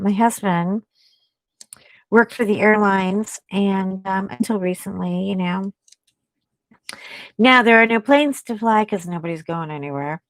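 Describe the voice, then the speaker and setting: A woman hosting a casual craft live stream, chatting excitably with viewers and breaking into gasps and "oh my God" exclamations. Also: mid-range voice, no room sound.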